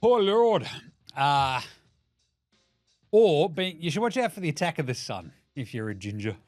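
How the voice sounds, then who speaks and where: A man's voice: fairly high pitch, very animated, a little slow, faint music behind. A man in his thirties with an Australian accent, hosting a casual sports podcast, rambling and swearing as he jokes and puts on silly voices for quotes. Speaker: podcast host.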